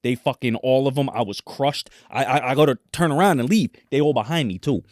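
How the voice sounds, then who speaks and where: A man's voice: mid-range voice, a little fast, no room sound, clean studio sound. A man co-hosting a podcast, telling a story in a casual, profane, rambling way with many fillers. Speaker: podcast co-host.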